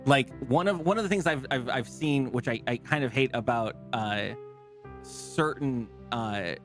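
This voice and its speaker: A man streaming a game, talking in a loose, rambling way and swearing freely. His pitch sits in an ordinary middle range for a man, with game music playing clearly underneath. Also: unhurried. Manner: rambling and heavily profane. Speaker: streamer host. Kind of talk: casual gameplay chat.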